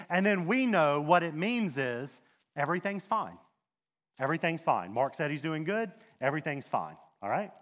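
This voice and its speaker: A man preaching a sermon as a pastor, talking in a conversational, animated way with rhetorical questions and asides. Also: on the high side, long reverb tail.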